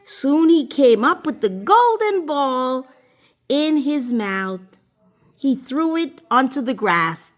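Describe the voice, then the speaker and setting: A woman reads a fairy tale to children, taking her time and letting her fairly high voice swoop up and down with every line. Her delivery is expressive and sing-song. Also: slow pace. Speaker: children's story reader. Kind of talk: storytime read-aloud.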